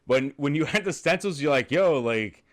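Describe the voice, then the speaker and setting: A man's voice: on the high side, fairly quick, fairly bright tone. A man hosting a casual podcast chat, telling stories with lots of laughter and easy swearing. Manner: chatty storyteller, laughs a lot, swears casually. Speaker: podcast host.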